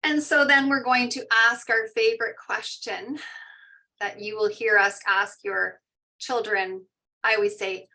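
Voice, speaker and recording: Soft-spoken woman guiding meditation. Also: fairly high pitch. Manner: soft, slow and soothing, reads out participants' shares. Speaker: mindfulness teacher. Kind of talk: guided meditation and parent info session. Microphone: online video call.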